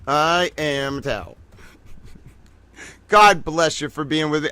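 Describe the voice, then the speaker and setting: A man hosting a late-night livestream, tired from a long day, talking in an excitable, rambling, profane way to his viewers. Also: on the high side, slow pace, pauses often, clear, resonant tone, no echo. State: tired from being up all day. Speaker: livestream host.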